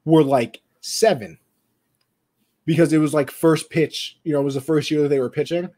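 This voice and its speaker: A young man co-hosting a casual sports show. His voice sits a little high, and he tells stories with lively energy, slipping into the voices of the people he quotes. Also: moderate pace, a little hiss or hum. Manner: animated storyteller, acts out quotes. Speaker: podcast co-host.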